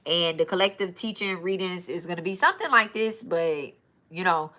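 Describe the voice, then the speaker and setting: Woman, casual live-stream chat, chatty, lower-pitched, bright tone. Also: moderate pace. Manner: chatty, loose and informal, addresses viewers as y'all. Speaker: spiritual reader and live-stream host.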